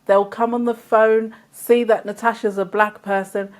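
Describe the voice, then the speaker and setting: A woman's voice: mid-range voice, normal speed. British woman telling business stories. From United Kingdom. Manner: animated storyteller, acts out the voices in her anecdotes. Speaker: guest, business owner. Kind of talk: interview storytelling.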